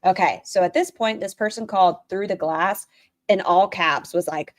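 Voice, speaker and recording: A woman's voice: medium pitch, moderate pace, no echo, clean studio sound. A woman streamer giving blunt, opinionated commentary while reacting to another stream and talking to her chat.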